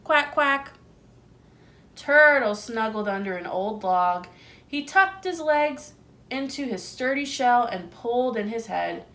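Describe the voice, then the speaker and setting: Woman, teacher, picture-book read-aloud, slow, gentle, lively pitch, asks the kids questions.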